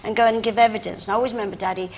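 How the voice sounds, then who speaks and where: A woman's voice: mid-range voice, steady tone, rapid-fire, darkish tone, a little hiss or hum. A woman in her sixties from London with a Cockney accent, chatting as a chat show guest and calling people darlings. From London, England. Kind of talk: casual chat show interview. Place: TV studio with audience.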